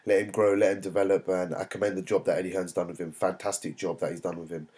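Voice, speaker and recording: A man hosting a boxing commentary vlog, talking alone in a halting way with many fillers and restarts. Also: low-pitched, little pitch movement, darkish tone. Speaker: boxing channel host.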